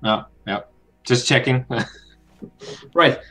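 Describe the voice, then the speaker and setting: A man's voice: mid-range voice, slow pace, bright, forceful tone, soft background music, poor audio. A man playing a tabletop game, talking casually with many hesitant fillers. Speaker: player.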